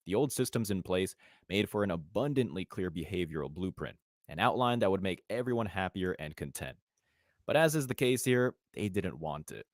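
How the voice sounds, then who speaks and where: A man reads scripted voice-over narration in a low, measured voice. His delivery is grave and deliberate. The recording is dry and close. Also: lively intonation, no echo.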